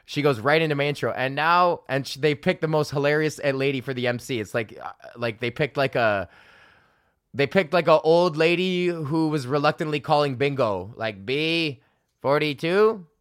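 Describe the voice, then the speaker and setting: Swearing freely, this thirty-something comedian tells a story on his podcast from his home office, animatedly quoting people in put-on voices. His smooth voice is on the high side at a normal speed, with a dry, clean studio recording.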